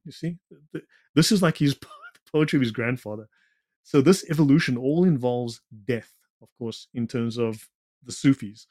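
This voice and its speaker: A man's voice: mid-range voice, moderate pace, darkish tone, dry recording, studio quality. A man presenting slides in a conversation, talking in a digressive, lecture-like way with sarcastic asides. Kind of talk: lecture-style talk in a conversation.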